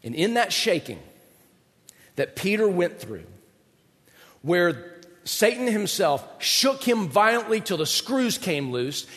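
A pastor preaching a sermon with an animated, dramatic delivery and joking asides. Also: male voice, sits high, slow pace, long pauses. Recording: long hall reverb.

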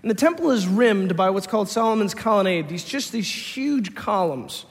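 A male pastor tells a story in a loose, conversational sermon style, often stopping and restarting his phrases. His voice sits noticeably high for a man. A long hall reverb hangs on his words. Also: lively intonation, moderate pace.

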